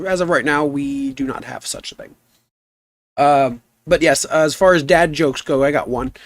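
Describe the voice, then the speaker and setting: An easygoing man with a rough, gnarly voice chats as he plays a game live, rambling and answering his chat. His voice sits a little high for a man and is recorded dry and close. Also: dry recording. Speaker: game streamer. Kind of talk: casual live-stream chat.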